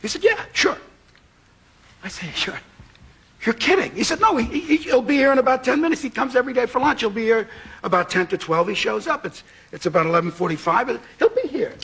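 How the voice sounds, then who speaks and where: High, bright-voiced New man spinning a yarn. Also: gravelly, husky. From New York. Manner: animated, repeats for laughs. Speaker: talk show guest. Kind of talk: comic anecdote. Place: TV studio with audience.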